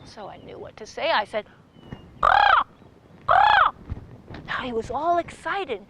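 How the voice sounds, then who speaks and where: A woman storyteller telling a tale in a playful, animated way, with sound effects. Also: fairly high pitch, moderate pace, vocal fry, heavy background noise. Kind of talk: oral storytelling performance.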